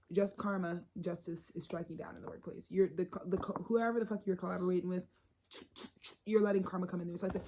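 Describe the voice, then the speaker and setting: A woman's voice: fairly low pitch, mellow, slight background noise, poor audio. A woman giving a casual tarot reading, blunt and profane, rambling and sometimes dropping into a whisper. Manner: drops into whispers. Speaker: tarot reader.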